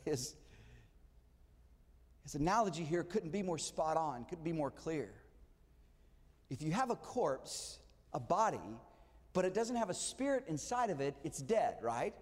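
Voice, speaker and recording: A man's voice: a little high, a little mellow, long reverb tail. A male pastor giving a conversational sermon, asking his listeners rhetorical questions.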